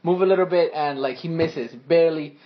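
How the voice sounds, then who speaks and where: A man's voice: a little high, fairly quick, lo-fi sound. A man narrating as game master, improvising loosely with laughs and swearing. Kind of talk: narrating a tabletop game with friends.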